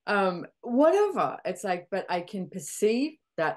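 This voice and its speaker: A woman's voice: lowish voice, big pitch swings, a little slow. A middle-aged woman with an Australian accent talks candidly in a casual conversation and acts out her own reactions as she goes. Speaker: podcast host. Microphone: video call.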